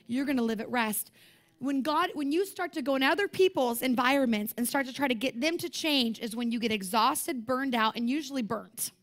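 High-voiced woman preaching with passion. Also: brisk. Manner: passionate, conversational preaching with repetition. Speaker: conference speaker. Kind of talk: sermon. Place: conference room.

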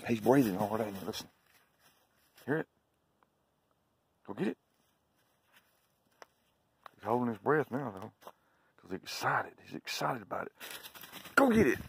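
Slow-drawling Southern man talking to his dog. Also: on the low side, gravelly, a little hiss or hum. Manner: drawling, talks to his dog in short coaxing calls. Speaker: dog owner vlogger. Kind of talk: casual talk while playing fetch with his dog. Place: outdoors on a sunny day.

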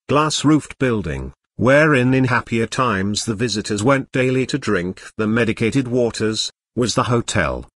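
Male synthetic audiobook narrator, mechanical and even, mid-pitched, dry. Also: dry recording. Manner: even, mechanical reading with odd slips. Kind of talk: scripted narration.

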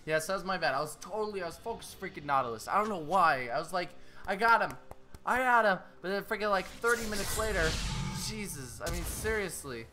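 A young man giving casual, excitable gameplay commentary, mumbling at times and yelling at others. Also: high voice, quick pace. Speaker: gaming YouTuber. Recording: game music loud behind voice. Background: game music.

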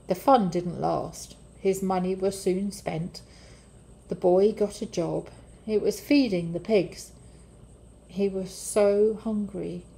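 Slow, gentle woman reading a storybook. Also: mid-range voice, creaky, low-quality recording. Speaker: church story reader. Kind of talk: reading a children's Bible storybook aloud.

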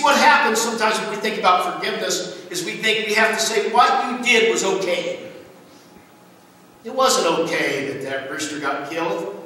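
A man's voice: sits high, pushed and bright, a little hiss or hum. A man preaching a sermon as a pastor, in an earnest, storytelling manner. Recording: echoey church hall from far off.

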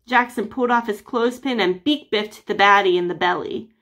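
A woman teacher reading a chapter book aloud to children with lively, expressive storytelling. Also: mid-range voice, a little fast.

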